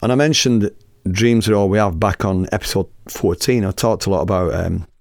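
A man in his fifties hosting a podcast, telling a story in a lively, casual way, acting out the scene and swearing freely. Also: low voice, moderate pace, vocal fry, dry recording, clean studio sound. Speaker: podcast host and musician.

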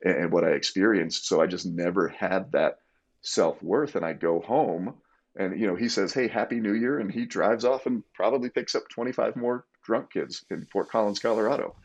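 A man telling a personal story as a podcast guest, candid and energetic, with plenty of fillers. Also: deep voice, moderate pace, breathy edge.

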